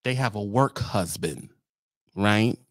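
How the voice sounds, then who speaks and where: A trucker vlogger rants to the camera for his viewers in a comic, profane, rambling way. His voice is fairly low and slow, recorded in studio quality with no echo.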